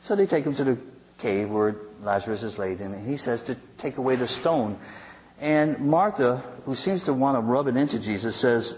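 A man's voice: medium pitch, expressive, moderate pace, a little mellow. A male pastor preaching a sermon, retelling scripture in a conversational, storytelling way with wry asides. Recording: dull sound with long hall reverb.

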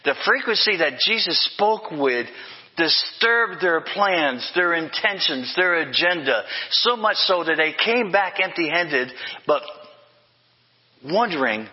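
A man's voice: fairly high pitch, animated, slow pace, slightly rough, in a large hall, highs cut off. An older man preaching a sermon as pastor, emphatic, with repeated refrains and self-corrections.

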